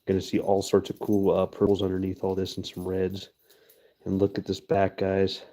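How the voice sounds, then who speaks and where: A man's voice: deep voice, monotone, moderate pace, dark tone. A man casually chatting with his live-stream viewers while he works, laid-back and chatty. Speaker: livestream host pouring metal.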